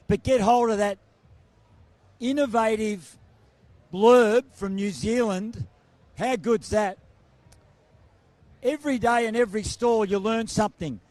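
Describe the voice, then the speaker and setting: Jovial high-voiced host. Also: male voice, darkish tone. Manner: jovial, chatty, joking. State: voice wearing thin. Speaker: roving event host. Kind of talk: casual roving interview. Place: trade show floor.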